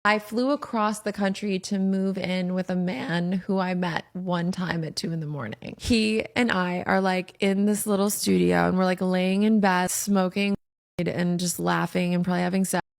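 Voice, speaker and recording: A woman tells a personal anecdote in an animated way and acts out the voices of the people in it. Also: lowish voice, moderate pace, vocal fry. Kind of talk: storytelling anecdote.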